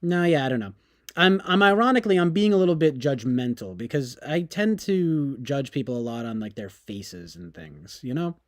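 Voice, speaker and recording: A man's voice: a little high, lively intonation, normal speed, no echo. Guy streaming, snarky and rambling, bouncy voice, dry sound. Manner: sarcastic, mocking, rambling. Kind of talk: casual stream commentary.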